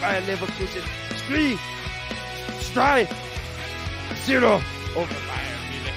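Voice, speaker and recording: A man voicing an excitable German sports correspondent with a put-on German accent for a podcast bit. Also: sits high, takes it slowly, vocal fry, music in the background, exaggerated voice.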